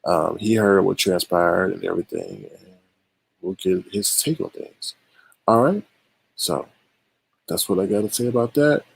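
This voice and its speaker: A man's voice: deep voice, animated, measured pace, creaky, long pauses, breathy edge. A man hosting a live stream, giving casual and exasperated commentary on online drama straight to his viewers.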